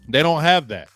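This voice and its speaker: A man hosting a live sports talk stream, loud and emphatic, ranting and greeting viewers in the chat. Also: a little high, gravelly. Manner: trash-talking, loud and emphatic, greets chatters. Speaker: sports show host.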